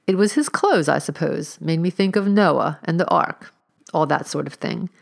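Coy, showy lady lodger, read by a woman, gushing and touchy, low voice with fry. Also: moderate pace.

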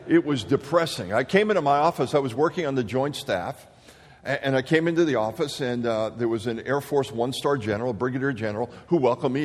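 A man's voice: mid-range voice, a little fast, slightly rough. Man preaching in a reverberant hall. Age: 50s. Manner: animated storyteller acting out quotes. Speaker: speaker. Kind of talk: sermon storytelling.

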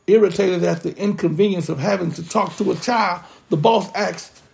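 A pastor preaching a sermon with impassioned, drawn-out emphasis. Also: mid-range voice, creaky, darkish tone.

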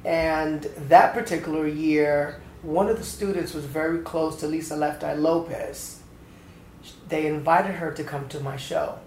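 Animated storytelling man in his fifties. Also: a little high, measured pace. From Atlanta, Georgia, USA. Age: 50s. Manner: animated storyteller, acts out voices in anecdotes. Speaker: guest, choreographer. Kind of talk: storytelling interview. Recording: roomy echo with faint background noise.

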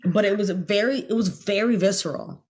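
In a mid-range voice at a moderate pace, a middle-aged actress guesting on a podcast interview tells a lively story. She keeps bursting into loud, performed quotations.

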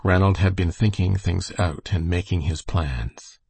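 A man reading a novel aloud as an audiobook narrator, with steady, unhurried storytelling. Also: low voice, gravelly, husky, dry recording. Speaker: audiobook reader. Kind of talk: scripted narration.

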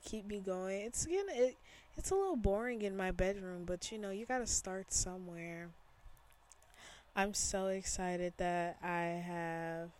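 A young woman from Chicago hosts a solo podcast from her bedroom. She talks at an unhurried, drawn-out pace, rambling from one thought to the next. Her chat is casual and slangy, and she laughs easily. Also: mid-range voice, darkish tone. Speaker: podcast host.

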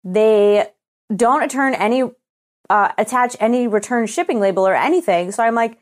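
A woman's voice: fairly high pitch, expressive, moderate pace. A young woman co-hosting a podcast, telling a story as a casual rant, swearing freely and acting out both sides of her email exchanges. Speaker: podcast co-host.

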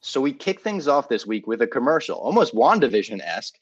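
A man hosting a podcast in a loose, chatty way, with swearing and animated retellings. His voice is dry and close, and the sound is a little dull. He is at an ordinary pitch. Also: a little fast, slightly rough, no echo. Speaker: podcast co-host. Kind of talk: casual podcast chat with ad read.

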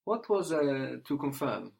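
A male teacher explains step by step in a patient, unhurried way. He often checks in with a questioning "no?" as he guides a learner through a spoken lesson. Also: fairly high pitch, very animated, creaky. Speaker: language teacher.

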